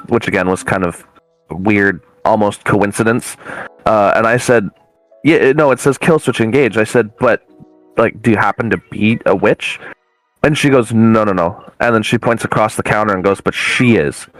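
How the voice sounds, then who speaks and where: A man's voice: fairly low pitch, moderate pace, a bit bright, no room sound, soft background music, low-quality recording. A man, a guest medium, telling a long story in a casual, rambling way with many fillers and restarts.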